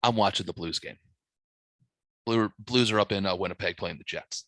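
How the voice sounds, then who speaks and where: A man hosting a podcast, telling a story in casual chat, profane and animated, getting louder as he laughs. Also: low voice, normal speed, dry recording. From St. Louis, USA. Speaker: podcast host.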